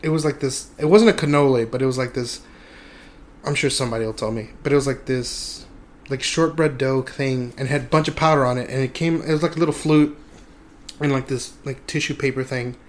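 A man's voice: medium pitch, steady tone, fairly quick. A young man telling a casual, rambling story, laughing often and swearing freely. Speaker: podcast host.

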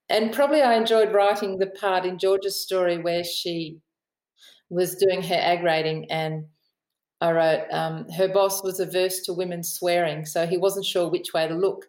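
Speaking at a measured pace with a steady, darkish, fairly low voice, the Australian-accented aviation writer and author tells stories as a podcast interview guest. She's chatty, laughs a lot and does impressions of the people she quotes. The echoey room gives a rough recording.

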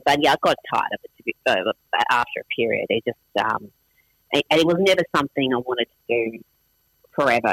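Chatting casually as an interview guest, this middle-aged man has an Australian accent, though he was born in Iran and first spoke Farsi. His medium voice is fairly bright with a breathy edge, and he keeps putting himself down while restarting and filling gaps. The recording is dry and rough.

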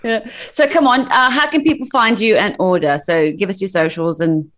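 A woman's voice: mid-range voice, moderate pace, fairly bright tone. A woman hosting a chat show, bantering and teasing her co-hosts, laughing often. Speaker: host. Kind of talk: casual radio chat.

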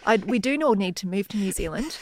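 A woman's voice: medium pitch, expressive, fast talker, heavy background noise. Cheerful Australian woman guest. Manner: laughing, agreeable. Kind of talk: casual chat.

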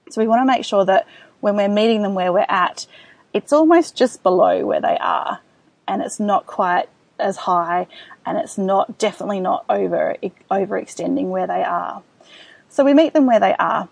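Casting: woman, podcast host, mid pitch, gravelly and husky tone, dry close sound, earnest explainer. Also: darkish tone, no echo. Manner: earnest, acts out soothing parent lines.

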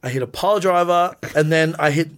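A man's voice: a little high, fairly quick, clean tone. A man, a wrestler telling stories casually in an interview, acting out quoted lines in a raised voice. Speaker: professional wrestler guest. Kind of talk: casual storytelling in a podcast interview.

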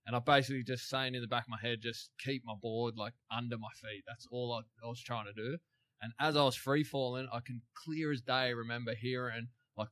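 Man, bright-toned, relaxed chuckling storyteller, studio guest. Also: medium pitch. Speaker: big wave surfer guest. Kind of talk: casual studio interview.

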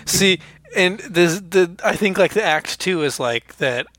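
A man's voice: sits high, lively intonation, unhurried, a bit bright, no room sound. A young man co-hosting a podcast, rambling through silly jokey bits in casual chat. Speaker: podcast co-host.

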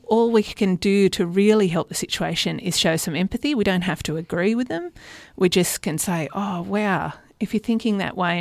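Woman, therapist guest on talk radio, mid-pitched voice, explains with examples, dry studio mic. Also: no echo. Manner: warm, explanatory, gives practical examples with acted-out quotes. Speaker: relationships and sex therapist.

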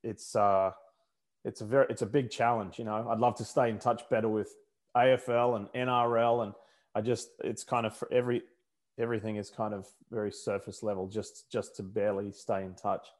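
A man's voice: lowish voice, level tone, darkish tone. An Australian man, a motorsport commentator, chatting as a guest in a casual interview, with frequent fillers and restarts. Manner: halting, many fillers and restarts.

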